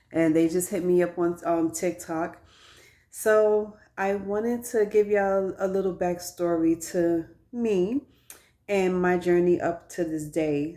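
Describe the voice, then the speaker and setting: A woman's voice: on the low side, darkish tone. A woman in her thirties talking casually and candidly to her viewers in a personal vlog, recorded on a phone. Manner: chatty, candid storytelling to viewers. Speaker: vlogger.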